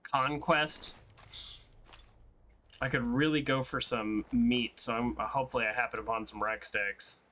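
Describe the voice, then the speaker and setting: Man, let's play host, casual gaming commentary, bright tone, self-mocking. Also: mid-range voice, a little slow. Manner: excitable, laughs often, self-mocking.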